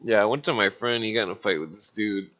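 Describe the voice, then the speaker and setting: Calling in to a live stream, this man speaks in a fairly low, fairly bright voice at a quick pace, and the audio sounds dull. He tells rambling stories in casual talk, swearing constantly and plugging gaps with filler words.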